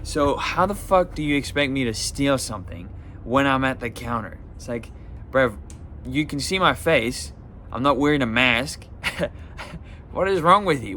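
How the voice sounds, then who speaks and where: A man's voice: medium pitch, pushed and bright, slight background noise. A man telling a story in a casual, exasperated rant, swearing and using lots of fillers. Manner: profane, exasperated, many fillers. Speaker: vlogger.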